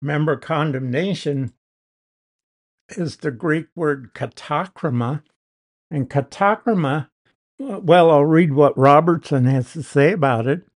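A man's voice: a little high, a little slow. A man teaching a verse-by-verse Bible lesson, explaining and stressing key words with emphasis.

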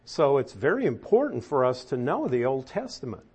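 A middle-aged man teaching a Bible study class, unhurried and emphatic, often asking his listeners questions. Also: mid-range voice, very animated, a little mellow, slightly rough.

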